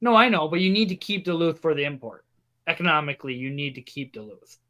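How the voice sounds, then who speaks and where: A man from Wisconsin co-hosting an outdoors podcast, opinionated and halting as he chats casually. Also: fairly high pitch, sharp tone. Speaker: podcast co-host. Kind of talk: casual chat.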